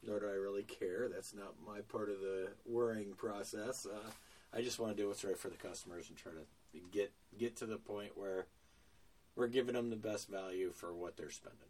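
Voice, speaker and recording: A man talks shop on a podcast in a deep, unhurried voice. He's plain-spoken, with lots of ums and restarts. His voice sits slightly away from the microphone. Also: recorded from a distance. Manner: relaxed, plain-spoken, many fillers. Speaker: lawn care business owner. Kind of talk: casual podcast conversation.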